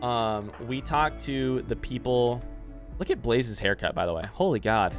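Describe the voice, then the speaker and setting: A male streamer with a middle-pitched voice chats casually into his desk mic as he plays. He rambles through a long story with lively asides to viewers, and faint music plays behind him. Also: unhurried. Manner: rambling, animated anecdote telling with asides to chat. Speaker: streamer playing a game.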